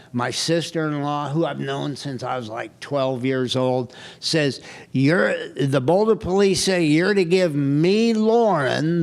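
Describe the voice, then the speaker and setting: A man's voice: mid-range voice, clear, resonant tone. A man speaking live at a recovery retreat, telling a candid personal story with self-mocking humor. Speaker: guest speaker. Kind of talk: recovery meeting share. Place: retreat hall, recorded live.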